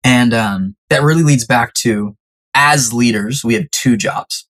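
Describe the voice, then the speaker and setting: A podcast guest telling a story in a lively, conversational way and acting out the quoted lines. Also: medium pitch, a little slow. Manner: animated storyteller who acts out quoted lines.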